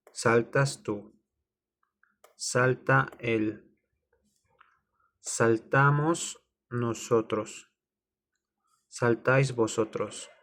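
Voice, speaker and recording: A man teaching a language lesson, spelling out words and repeating phrases over and over. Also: medium pitch. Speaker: Spanish teacher. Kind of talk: slow, repetitive language lesson.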